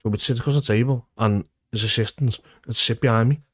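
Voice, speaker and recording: A man's voice: medium pitch, quick pace, husky, no room sound. A man in his thirties, a former footballer with a Liverpool accent, telling stories in a casual interview, acting out quotes and swearing freely. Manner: animated, swears freely, acts out quotes loudly.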